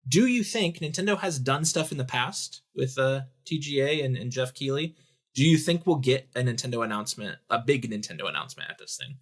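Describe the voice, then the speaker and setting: Male podcast co-host, mid-pitched, casual and halting, fills gaps with ums. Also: lively intonation. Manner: hesitant, lots of ums and restarts. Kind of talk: casual podcast chat, reading news aloud.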